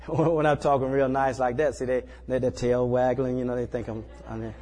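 A man's voice: medium pitch, fairly quick, hardly any pauses, warm tone, in a large hall. A man preaching a sermon in a small church, talking in a loose, conversational way and often checking in with the listeners. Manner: conversational, folksy, repeats tag questions like "you know".

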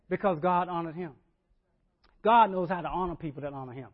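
A man's voice: high voice, a little fast, phone-quality sound. A male pastor delivering a sermon conversationally, often checking in with the congregation.

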